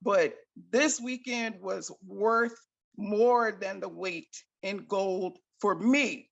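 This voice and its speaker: A woman's voice: mid-range voice, slow, gravelly, highs cut off. A woman caller giving a grateful, effusive testimonial on a group call.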